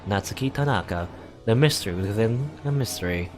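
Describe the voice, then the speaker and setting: A man reading a visual novel aloud for a let's play, in a casual way with wry asides and quick self-corrections. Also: on the low side, expressive.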